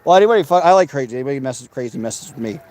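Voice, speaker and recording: A man's voice: medium pitch, lively intonation, rapid-fire, darkish tone. A man livestreaming while walking outdoors, reading viewer comments aloud and bantering with his chat.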